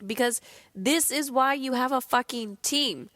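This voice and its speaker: A woman's voice: high voice, measured pace, dry recording. A woman hosting a podcast, talking candidly and bluntly with lots of swearing while she is sick. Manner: blunt, profane, animated. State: sick, low energy. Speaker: podcast host. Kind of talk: candid motivational monologue.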